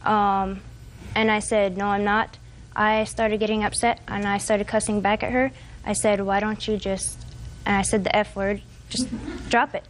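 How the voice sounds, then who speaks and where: A woman's voice: medium pitch, flat delivery, normal speed, a little hiss or hum. A woman in her twenties testifying as a defendant in a TV courtroom, telling a long, hesitant, rambling account. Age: 20s.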